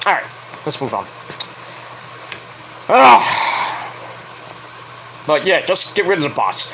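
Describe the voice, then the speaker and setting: A man's voice: on the high side, big pitch swings, fast talker, noisy background. Profane fired-up man ranting late at night. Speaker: wrestling reviewer and streamer.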